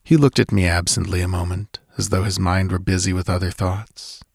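Low-voiced man narrating a somber tale. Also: level tone, vocal fry, slightly rough, no echo, clean studio sound. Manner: measured, somber first-person storytelling. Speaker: audiobook narrator. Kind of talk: scripted narration of a literary tale.

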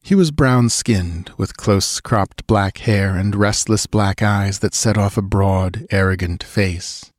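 Male audiobook narrator, low register, dry close sound, measured and dramatic. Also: no echo. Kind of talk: scripted narration.

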